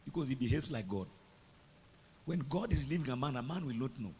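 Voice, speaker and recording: A man preaching a sermon, dramatic and emphatic, swinging between hushed and loud lines. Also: mid-range voice, lively intonation, a little fast, a little hiss or hum. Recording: echoey hall with long reverb.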